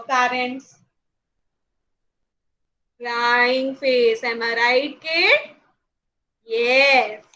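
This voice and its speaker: A woman's voice: high-pitched, bright, forceful tone, poor audio. A young woman with an Indian English accent teaching small children in an online class, playful and coaxing, asking lots of questions and laughing often. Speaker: nursery teacher.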